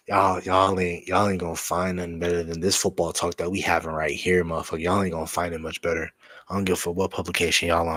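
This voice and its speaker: A man hosting a live draft watch party, talking football in a profane, excitable, slangy way and repeating himself. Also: low voice, no room sound. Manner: drops into a hushed whisper to save his voice. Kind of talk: excited live-stream sports chat.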